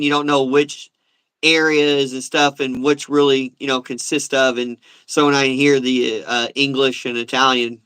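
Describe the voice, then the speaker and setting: A man's voice: medium pitch, bright, forceful tone, no echo, poor audio. A man hosting a casual talk podcast, rambling and repeating himself with lots of filler. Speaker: host. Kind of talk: casual chat.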